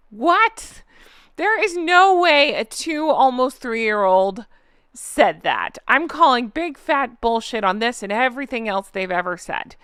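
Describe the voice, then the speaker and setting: A woman's voice: a little high, expressive, a little slow, fairly bright tone, clean tone, no echo, clean studio sound. A woman in her thirties with a Southern American accent, hosting a casual commentary video in a sarcastic, incredulous, chatty way. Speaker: commentary channel host.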